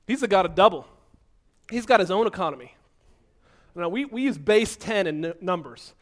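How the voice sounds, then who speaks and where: A man preaching an energetic, animated sermon, so physically active that he sounds out of breath at times. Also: sits high, normal speed.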